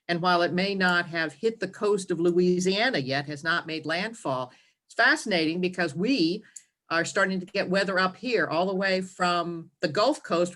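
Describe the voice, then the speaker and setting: A woman's voice: on the low side, a bit bright. A woman in her sixties from California, co-hosting a casual chat in an effusive, chatty way. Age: 60s. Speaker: co-host.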